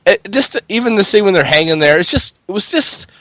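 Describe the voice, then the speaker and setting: Higher-voiced man, chatty and giggly. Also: animated, fast, a bit bright, no room sound. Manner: laughs often while retelling scenes. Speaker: co-host film reviewer. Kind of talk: casual chat.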